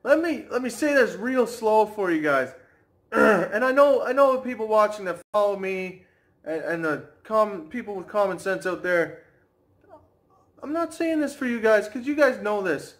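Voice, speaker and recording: A man ranting to camera as a fitness vlogger, brash and mocking, slowing right down to stress his points. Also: high voice, expressive, a bit bright. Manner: brash, mocking, slows down for emphasis.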